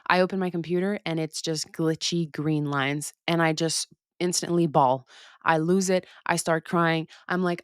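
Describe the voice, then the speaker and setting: A young woman hosting a podcast, telling a story in a casual, animated way, swearing freely and acting out her own reactions. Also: lowish voice, unhurried, no room sound, clean studio sound. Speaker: podcast host.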